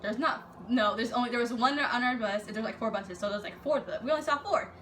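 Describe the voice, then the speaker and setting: A young woman telling a story in a casual, animated way, swearing freely and acting out what people said. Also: a little high, fast talker, a little hiss or hum. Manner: animated, profane, acts out quotes.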